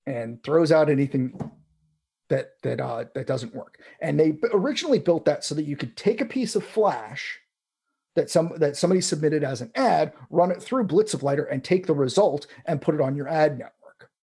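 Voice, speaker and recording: A man's voice: on the high side, lively intonation, moderate pace, creaky, mellow, husky. A man hosting a casual tech chat, rambling with restarts and fillers. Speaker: podcast host.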